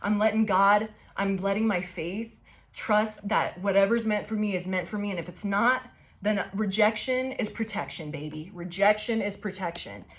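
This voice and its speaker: A woman doing a casual channeled tarot reading, talking straight to her audience. She swears freely, jokes around and keeps laughing between her points. Her voice sits at a middle pitch for a woman. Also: normal speed. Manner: profane, playful, laughs often. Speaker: tarot reader.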